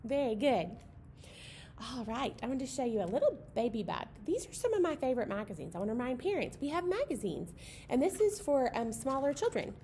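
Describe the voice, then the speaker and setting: Chatty children's librarian, lively pitch. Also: female voice, slight background noise. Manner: cheerful, chatty, with fillers and quick asides. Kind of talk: storytime chat for children.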